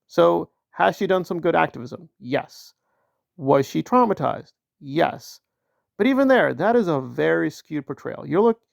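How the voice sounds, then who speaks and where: A man's voice: fairly high pitch, vocal fry, dry recording, clean studio sound. A man hosting a solo commentary channel, talking in a heated, emphatic way with lots of repetition and mocking quotes in a raised voice.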